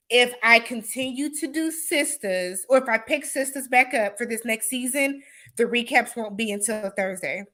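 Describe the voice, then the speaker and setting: A woman hosting a casual livestream chat, answering viewer comments and laughing often, with relaxed speech full of y'all and imma. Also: on the high side. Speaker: livestream host.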